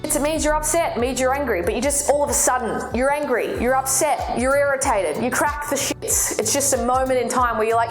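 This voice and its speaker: High-voiced Australian woman, playful vlog. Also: a little fast, hardly any pauses, over music. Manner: playful, swearing, acts out quotes. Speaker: slang explainer vlogger. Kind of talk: casual vlog explanation. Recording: echoey room.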